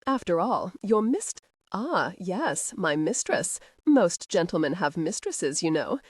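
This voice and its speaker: Mocking lord with a dry drawl, woman reading him, low and lively voice, dry close sound. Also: takes it slowly, breathy edge, no echo, full character voice.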